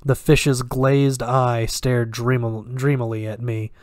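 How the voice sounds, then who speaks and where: A man reading a horror story aloud in a measured, even narration. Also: medium pitch, no room sound, clean studio sound. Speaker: reader.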